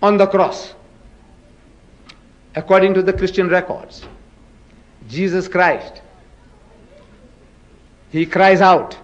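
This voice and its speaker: A man delivers a public lecture in a fairly high voice, pressing the room with rhetorical questions. The recording is dull and lo-fi. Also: steady tone, slow pace, pauses often. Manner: emphatic, rhetorical questions to the audience. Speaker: public lecturer in religious debate. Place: lecture hall with an audience.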